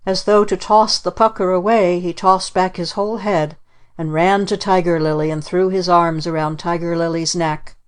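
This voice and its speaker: A woman narrating a children's storybook in a measured way. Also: on the low side, steady tone, smooth. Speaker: audiobook narrator. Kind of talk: scripted narration.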